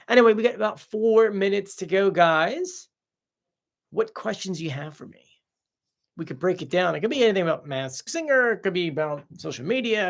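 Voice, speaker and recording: A man's voice: sits high, animated, a little fast, vocal fry. A man hosting a casual live stream, chatting off the cuff as he reads out viewer comments and answers them.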